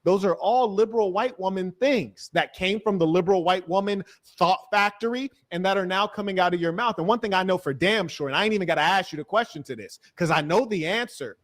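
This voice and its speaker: A man arguing forcefully in a livestream debate, mocking the views he opposes. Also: sits high, brisk, hardly any pauses. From California-educated; black American. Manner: combative, mocking imitations.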